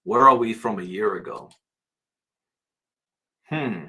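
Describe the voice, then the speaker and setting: A man hosting a crypto channel, casually reading out prices and headlines and musing aloud with quick asides. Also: fairly low pitch, pushed and bright, husky.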